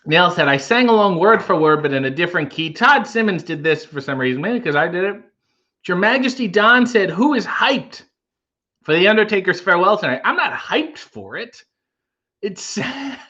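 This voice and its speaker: A man's voice: high voice, big pitch swings, normal speed, bright, forceful tone, highs cut off. A man hosting a casual livestream, reading viewer comments aloud and riffing on them with wry humor. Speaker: livestream host reading chat.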